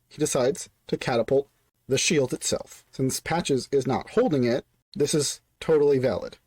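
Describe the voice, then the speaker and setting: A man's voice: medium pitch, darkish tone, dry recording. Young guy recapping his tabletop game, chill and rambly, dry close sound. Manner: casual, filler-heavy.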